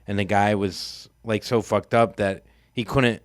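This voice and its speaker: A man's voice: on the low side, flat delivery, brisk, no room sound, clean studio sound. A man co-hosting a podcast, rambling through anecdotes with frequent swearing in casual chat. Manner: rambling, swears freely, laughs at his own stories. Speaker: podcast co-host.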